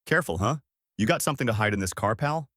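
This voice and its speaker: A man's voice: lowish voice, expressive, fast, a bit bright, dry recording, studio quality. A man doing a barking, overbearing big cop. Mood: sneering. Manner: gruff commanding barks.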